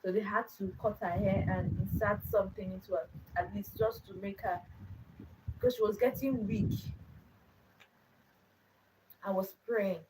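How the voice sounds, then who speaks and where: A woman's voice: mid-range voice, steady tone, measured pace, pauses often, recorded from a distance, background noise. A young adult woman hosting her own channel, telling a personal story in an earnest way, repeating phrases for emphasis. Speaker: channel host.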